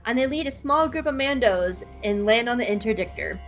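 A woman hosting a podcast, recapping an episode in an animated, jokey way. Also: fairly high pitch, a little fast, highs cut off, soft background music. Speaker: podcast host.

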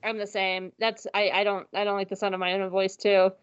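A woman's voice: mid-range voice, flat delivery, brisk, smooth, no echo, lo-fi sound. A woman co-hosting a podcast in casual chat, giggly and self-deprecating, now and then swearing. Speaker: podcast co-host.

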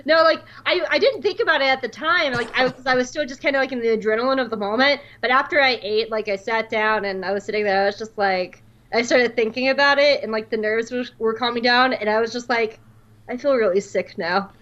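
A woman in her late twenties telling a story on a podcast in a casual, animated way, with lots of fillers and restarts. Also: fairly high pitch, brisk, muffled recording. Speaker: podcast co-host.

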